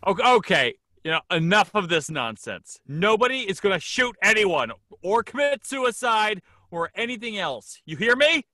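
A man plays an exasperated captain scolding everyone in the room. His voice is high and bright with lively swings in pitch, heard dry and close. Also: moderate pace, few pauses, no room sound, heavily acted. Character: gruff, fed-up boat captain. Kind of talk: Zoom play reading. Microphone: video call.

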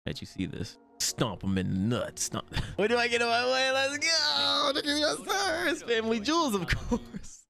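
A man's voice: very high-pitched, moderate pace, gravelly, hardly any pauses. A man hosting an anime reaction, talking in casual slang with frequent laughs and swearing. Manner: excitable, laughs often, heavy slang and swearing.

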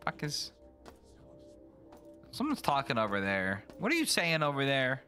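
A man streaming a video game, rambling and joking, now and then jumping into silly high voices. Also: huge pitch swings, measured pace, pushed and bright. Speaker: gaming streamer. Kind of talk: casual let's play commentary. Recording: game music behind the voice.

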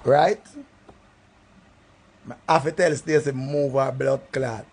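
Gravelly Jamaican man telling a comic story. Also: steady tone, slow. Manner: swings from low mutters to loud outbursts. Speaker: comedic storyteller. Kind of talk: rambling comic monologue.

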